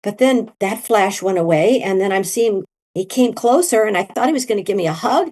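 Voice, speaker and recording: A middle-aged woman telling her story in an interview, animated and leaping into high quoted voices. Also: fairly quick. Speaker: guest, near-death experiencer.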